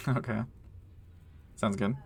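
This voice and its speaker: A lower-voiced man runs a tabletop game in a loose, casual way. He laughs a lot and drops into quick character voices for the people the players meet. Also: steady tone, creaky. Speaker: game master.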